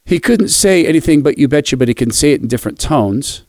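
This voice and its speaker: A man hosting a radio devotional, quietly telling a personal story before closing with a blessing. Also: fairly high pitch, animated, quick pace, no room sound, clean studio sound.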